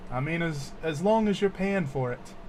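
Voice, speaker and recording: A man's voice: a little high, expressive, normal speed, a crowd in the background, natural voice. A man voicing a wary middle-aged barkeep. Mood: skeptical. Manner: slipping into a put-on accent.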